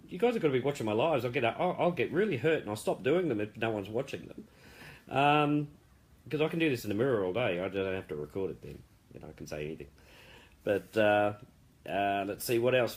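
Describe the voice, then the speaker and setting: Warm praise for members fills this casual live-stream update from a group's founder, whose talk is chatty and wandering. He speaks with a fairly low pitch.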